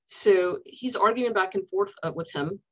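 Woman counselor hosting a relaxed book talk on a video call, mid-pitched, slips into quoted lines as she retells scenes. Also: unhurried, rough recording. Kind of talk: casual book discussion.

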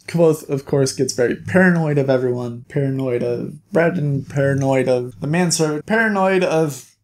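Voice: medium pitch, normal speed, darkish tone. Chatty book reviewer, playful asides. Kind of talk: casual book recap.

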